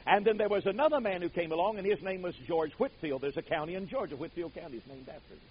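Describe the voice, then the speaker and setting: An older man preaching a sermon, telling stories dramatically, booming out some words and dropping others to a hush. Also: quick pace, lo-fi sound. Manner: dramatic storytelling, swings from booming to hushed.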